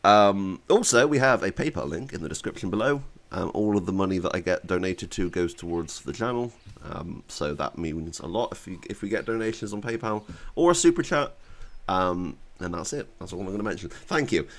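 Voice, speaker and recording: A gaming YouTuber from Bath with a West Country English accent, chatting in a rambling, self-deprecating way over gameplay. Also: male voice, deep voice, expressive, a little fast. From Bath, England. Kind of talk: casual gameplay commentary.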